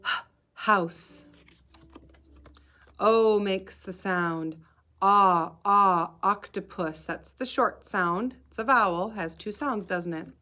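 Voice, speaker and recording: A woman teaching a phonics lesson to young children, sounding out each letter slowly and clearly and encouraging them to join in. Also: medium pitch, fairly bright tone. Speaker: kindergarten teacher.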